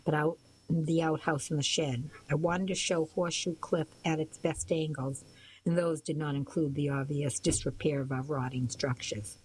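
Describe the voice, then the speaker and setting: A woman calmly narrating a first-person novel in a soft voice that at times drops to a near-whisper. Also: low-pitched, a little hiss or hum, poor audio. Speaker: audiobook narrator.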